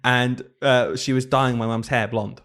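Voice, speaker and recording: Young male co-host, animated and quick to laugh, casual storytelling. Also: mid-range voice. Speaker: podcast co-host, primary school teacher. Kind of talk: casual chat.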